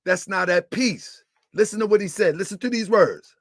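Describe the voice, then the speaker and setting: Loud high-pitched man teasing on stream. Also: moderate pace, no echo, studio quality. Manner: loud, laughing, teasing, repeats himself. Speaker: livestream host. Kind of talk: live stream commentary.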